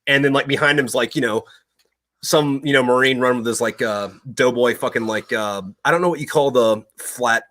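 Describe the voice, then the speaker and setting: A man's voice: medium pitch, moderate pace. A man hosting a casual podcast, telling military history stories in a rambling, profane way with lots of fillers. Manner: profane, rambling, animated storytelling with many fillers. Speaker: podcast host.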